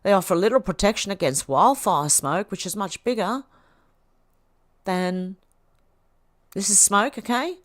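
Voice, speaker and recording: A woman's voice: mid-range voice, lively intonation, measured pace, long pauses, no echo, clean studio sound. A woman hosting a livestream, reading posts aloud and reacting in a chatty way. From Australia. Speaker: livestream host.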